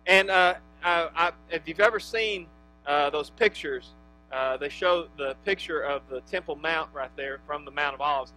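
Male pastor, high and sharp-toned, impassioned sermon delivery that drops to a hush then surges, faint music behind. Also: moderate pace, low-quality recording. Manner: impassioned, swings from hushed to emphatic; restarts phrases with frequent fillers.

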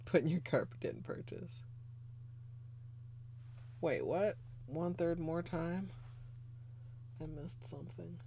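A woman's voice: fairly low pitch, takes it slowly, gravelly, long pauses, dark tone, a little hiss or hum. A woman hosting a casual nail polish livestream from her bedroom, rambling chattily with lots of fillers as she answers viewers' chat. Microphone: desk mic, moves away from it at times.

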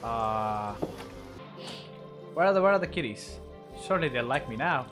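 Excitable young man yelping through a game. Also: on the high side, moderate pace, long pauses, music in the background. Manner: excitable, bursts into loud yelps and cheers between mumbled asides. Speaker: gaming commentator. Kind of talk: casual let's-play commentary.

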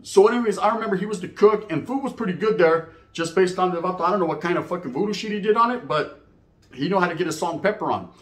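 A man's voice: high voice, quick pace, reverberant. A man telling prison stories in a casual, profane, slang-heavy monologue, laughing at his own tales. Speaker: storyteller recounting prison life.

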